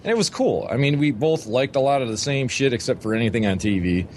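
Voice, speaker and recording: A man chatting casually about his marriage, laid-back and halting with fillers. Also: medium pitch, animated, darkish tone, slight background noise. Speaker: podcast co-host. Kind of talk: casual chat.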